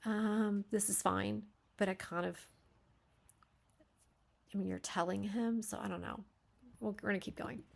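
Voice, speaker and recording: A woman with a gravelly edge to her mid-range voice gives a spoken critique as a beta reader. She thinks aloud, breaking off and restarting her sentences. She acts out lines of dialogue to show where the emphasis belongs. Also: mid-range voice, fairly even intonation, normal speed. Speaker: beta reader giving feedback.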